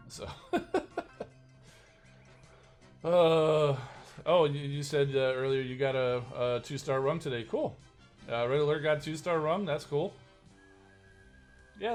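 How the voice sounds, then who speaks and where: A man streaming a mobile game live and chatting casually, rambling and self-deprecating with lots of fillers. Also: medium pitch.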